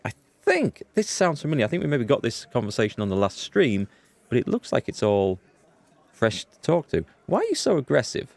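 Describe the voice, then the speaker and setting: A man's voice: mid-range voice, wildly swooping pitch, brisk, creaky, darkish tone, dry recording. A man hosting a let's play, chatting casually as he thinks aloud and reads game dialogue, chuckling at the text.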